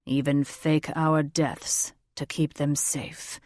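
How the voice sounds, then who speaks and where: A woman voicing a big, protective old male dragon grandfather in an audiobook, calm and wry. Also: low voice, takes it slowly, no room sound, clean studio sound, pitched below the performer's own voice. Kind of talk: audiobook character voice.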